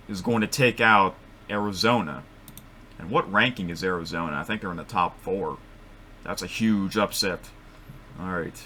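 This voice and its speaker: A man thinking aloud as he makes picks at his computer microphone, rambling and correcting himself, with sudden excited outbursts. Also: deep voice, a little slow, pauses often, a little hiss or hum. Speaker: vlogger making bracket picks. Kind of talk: casual thinking-aloud commentary.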